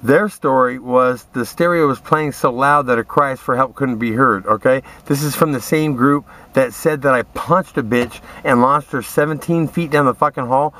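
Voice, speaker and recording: A man's voice: mid-range voice, moderate pace, hardly any pauses, a bit bright. A man in a profane, rambling, aggrieved rant, talking straight at his listeners. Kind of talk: ranting monologue to camera.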